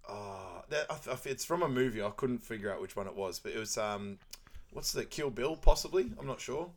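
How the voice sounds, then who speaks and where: A man's voice: lively intonation, brisk. A young man co-hosting a podcast, chatting casually through a film recap, laughing often and quoting characters. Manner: laughs often, quotes characters in high put-on voices. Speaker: podcast co-host.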